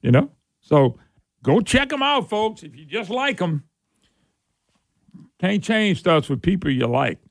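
Man, talk radio host, sarcastic, high voice that leaps around, dry close sound. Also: big pitch swings, measured pace, creaky, pauses often, dry recording. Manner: sarcastic, laughs often, voice jumps high when mocking. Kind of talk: opinionated political talk.

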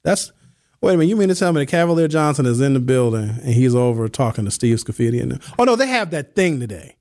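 A man hosting a radio talk show, speaking casually and telling stories in slangy, animated speech. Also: mid-range voice, quick pace, dry recording, studio quality. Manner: animated storytelling, slangy, reads listener texts. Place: radio studio. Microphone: studio microphone.

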